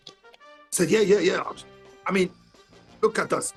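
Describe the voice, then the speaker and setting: A gravelly, husky older man with a French accent recounts his story in halting, broken English, acting out the lines people spoke. His voice sits a little high for a man and has a rough, fried edge. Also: soft background music. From Belgium. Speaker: interview guest, actor. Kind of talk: storytelling interview.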